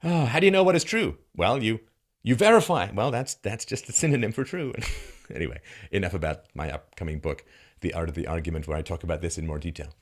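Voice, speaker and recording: A man's voice: deep voice, lively intonation, quick pace. Guy ranting solo commentary, mocking and sarcastic, voice jumps up and down a lot. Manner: mocking, sarcastic, heated rhetorical questions. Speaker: commentary host. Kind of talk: political commentary monologue.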